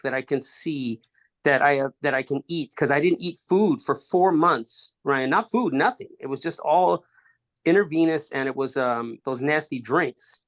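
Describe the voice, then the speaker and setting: A man telling a personal story as a podcast guest, in halting phrases with restarts, acting out quoted dialogue. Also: a little high, fairly bright tone.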